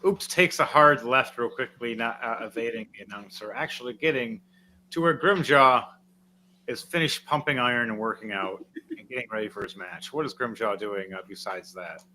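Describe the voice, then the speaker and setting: A man running a tabletop wrestling game who calls the action play-by-play as if he were commentating. His voice is bright and forward, and there is a faint noise behind him. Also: mid-range voice, moderate pace, low-quality recording. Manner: play-by-play, lively, laughing. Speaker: game master.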